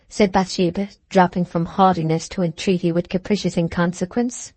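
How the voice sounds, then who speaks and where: A woman's voice: lowish voice, steady tone, normal speed, a little mellow, no echo. Woman narrating a classic novel. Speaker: audiobook narrator. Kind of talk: scripted narration.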